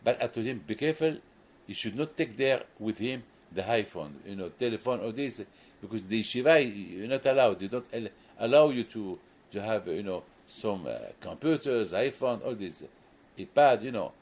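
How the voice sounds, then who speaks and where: Husky-voiced rabbi preaching with animated pitch. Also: male voice, normal speed, rough recording. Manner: animated storytelling with many restarts and repeated words; non-native phrasing. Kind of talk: sermon.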